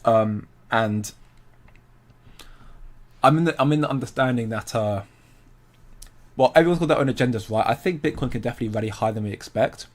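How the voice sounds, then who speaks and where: Here a young crypto livestream host chats casually at a mid-range pitch, brisk but pausing often. He wanders conversationally, interrupts himself to greet viewers and answer comments, and laughs readily.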